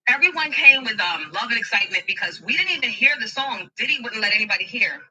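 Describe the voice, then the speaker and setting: A woman's voice: on the high side, lively intonation, fast talker, sharp tone, distant mic, rough recording. A woman telling a chatty story about her music career in an interview, quoting other people as she goes. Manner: chatty, anecdotal, quotes others.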